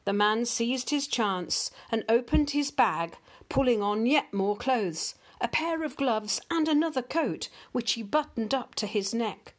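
Brief: older grandma narrator reading a children's fable, unhurried and expressive. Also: female voice, a little high. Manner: gentle, expressive storytelling. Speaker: grandmother reading storybooks aloud. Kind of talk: storybook read-aloud narration.

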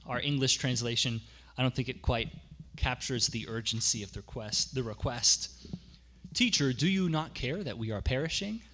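A man with a medium-pitched, pushed, bright voice preaches a sermon as a pastor at a moderate pace, with a little hiss or hum in the audio. His style is conversational, explaining with asides and repeating key phrases for emphasis.

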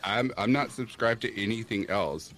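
A man's voice: on the low side, normal speed, fairly bright tone, faint music behind. A man chatting casually on a group stream, joking and laughing often. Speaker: co-host on a chat stream.

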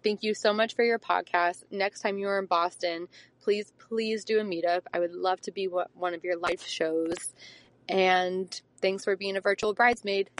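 A woman's voice: mid-range voice, steady tone, normal speed. A woman in her thirties reading out a question to a podcast, earnest and a little stressed. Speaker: listener sending a question. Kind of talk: read-out listener message.

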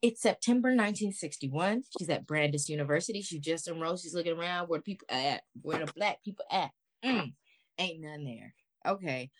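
A woman with a low voice co-hosts a podcast, telling a story in an animated, slangy way and swearing freely. Her voice is close and dry, with no room sound around it. She talks casually. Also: a little fast, no room sound. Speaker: podcast co-host.

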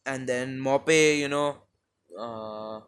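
Brief: young Indian man, Indian accent, mid pitch, chatty football recap, lots of fillers, cheap mic. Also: takes it slowly, a bit bright, a little hiss or hum. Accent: Indian English. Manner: rambling, many fillers and restarts. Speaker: football vlogger. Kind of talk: casual match recap monologue. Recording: low-quality home mic.

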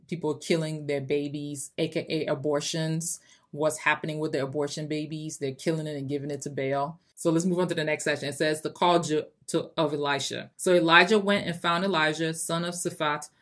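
A woman's voice: low voice, a bit bright. Emphatic woman reading scripture aloud. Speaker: podcast host. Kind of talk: Christian motivational podcast.

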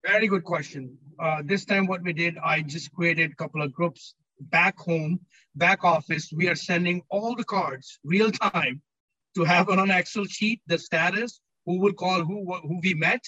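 A man reporting briskly and in a businesslike way in an interview over a video call from a trade show floor. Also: high-pitched, bright, forceful tone, no room sound, dull audio. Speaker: company staff member.

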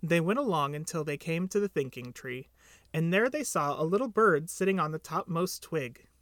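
Expressive man reading a storybook. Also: a little high, moderate pace, no room sound, clean studio sound. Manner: expressive, lilting. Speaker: reader. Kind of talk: storybook narration.

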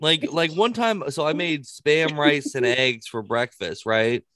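A man's voice: fairly high pitch, a little slow, no echo. A man telling stories in casual chat, swearing freely and often breaking into laughter. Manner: animated storytelling with frequent laughter and swearing.

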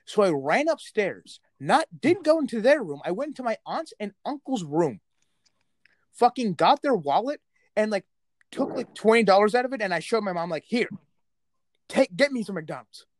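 A man's voice: sits high, very animated, normal speed, no echo. A young man co-hosting a podcast, telling blunt stories full of swearing. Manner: profane, blunt storytelling. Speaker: podcast co-host. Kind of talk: casual podcast chat.

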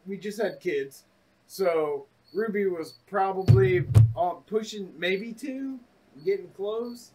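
A man co-hosts a relaxed podcast and rambles through his stories with fillers and casual swearing. His voice is high for a man. It sounds set back from the microphone, a little distant. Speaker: podcast co-host. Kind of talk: casual chat.

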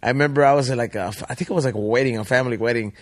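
A man, hosting a podcast and telling stories in quick, profane, slang-heavy chat. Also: mid-range voice. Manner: fast, slangy, profane chatter. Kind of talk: casual chat.

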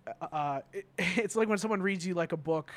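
The podcast host is a young man with a high-pitched voice who talks briskly. His casual, emotional conversation is hesitant, with lots of ums and false starts.

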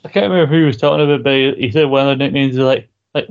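A man's voice: mid-range voice, fast, a little mellow. A man co-hosting a podcast, chatting casually about wrestling, laughing often and swearing freely. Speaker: podcast co-host. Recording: dull lo-fi recording.

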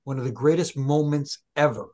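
A man from Toronto, co-hosting a podcast and telling relaxed anecdotes with easy laughter. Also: medium pitch, brisk. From Toronto, Canada. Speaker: retired referee, podcast co-host. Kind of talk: casual chat.

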